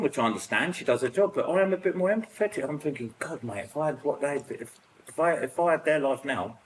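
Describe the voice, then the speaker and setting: Fast-talking British man telling stories. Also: mid-range voice, slight background noise, poor audio. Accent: British English. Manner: rambling, animated storytelling full of fillers and acted-out quotes. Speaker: recovery group member. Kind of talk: personal sharing in a support group.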